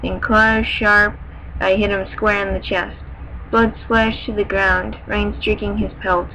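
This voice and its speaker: A woman's voice: medium pitch, flat delivery, a little slow, pushed and bright, slight background noise, rough recording. A woman reading fan fiction aloud in a dramatic way, breaking off now and then for wry, joking asides. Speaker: fanfiction reader.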